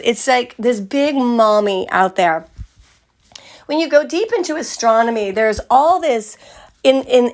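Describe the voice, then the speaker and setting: An older woman with a raspy voice from a cold, giving a chatty, meandering spiritual talk to her community. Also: fairly high pitch. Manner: chatty, meandering, drawn-out phrasing. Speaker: spiritual teacher.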